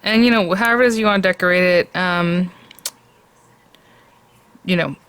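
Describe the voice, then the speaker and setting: A woman's voice: fairly low pitch, moderate pace, fairly bright tone, clean tone. A woman hosting a craft tutorial, chatting casually and thinking aloud as she works.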